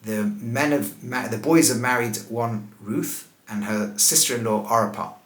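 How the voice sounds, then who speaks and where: A man, a rabbi, teaching scripture in a lively way, asking rhetorical questions and laughing at the text. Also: mid-range voice, unhurried, reverberant. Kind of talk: animated scripture lesson.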